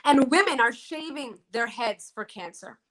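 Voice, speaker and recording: A woman telling a personal story as an interview guest, emphatic and repeating key phrases slowly. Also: on the high side, lively intonation, fairly bright tone.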